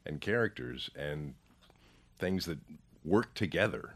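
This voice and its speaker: Older male guest: very deep, gravelly voice, rambling conversational delivery with restarts. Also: lively intonation, takes it slowly, fairly bright tone. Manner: rambling, searching for words, many restarts. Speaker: actor guest. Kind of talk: casual interview chat.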